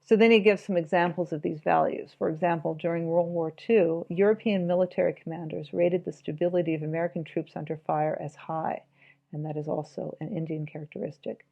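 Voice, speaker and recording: A woman's voice: fairly low pitch, fairly even intonation, fairly quick, creaky, highs cut off. A woman giving an informal, reflective spoken commentary on a book, musing aloud and reading passages from it.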